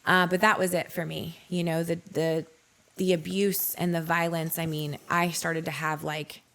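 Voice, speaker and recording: A woman's voice: deep voice, little pitch movement, moderate pace, a bit bright. A woman in her forties, a podcast guest, frankly telling her life story in a blunt, candid way. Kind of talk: candid personal testimony.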